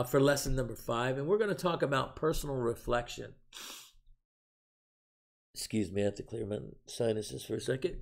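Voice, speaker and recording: A man leading a faith-based recovery class, speaking in a halting way with many fillers, then building to emphatic preaching. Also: mid-range voice, creaky. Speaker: recovery program leader.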